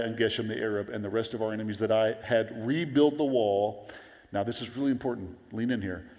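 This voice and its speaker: A man in his forties preaching a sermon, telling stories in a lively way and acting out the voices of the people he quotes. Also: medium pitch. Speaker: pastor. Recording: long hall reverb.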